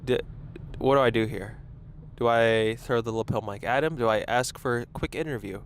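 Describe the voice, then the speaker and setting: Stuck in traffic, a young podcast host records a casual solo chat on a lapel mic as he drives. He talks at a normal speed in a medium-pitched voice, rambling and sounding self-conscious, over faint road noise.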